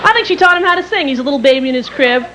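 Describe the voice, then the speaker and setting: High-voiced woman doing stand-up. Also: very fast, slight background noise, low-quality recording. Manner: animated storytelling, acting out characters. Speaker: stand-up comedian. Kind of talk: stand-up comedy routine. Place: theater stage before a live audience. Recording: 1990s TV broadcast with loud crowd.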